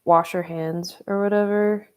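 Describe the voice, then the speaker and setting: A woman's voice: medium pitch, fairly even intonation, measured pace, clear, resonant tone. A young woman in her twenties telling a story in a casual chat, filler-heavy and laughing often. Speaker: streamer.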